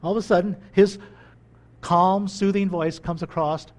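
A man delivers a sermon in a high, light voice. He talks to the congregation as if chatting with them, rising into loud, excited bursts and then dropping into quiet asides. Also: normal speed. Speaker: pastor. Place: country church.

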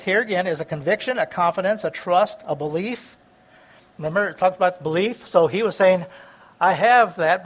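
Guy preaching, voice sits pretty high, reads verses then explains them, trips on words sometimes. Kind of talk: sermon, Bible reading.

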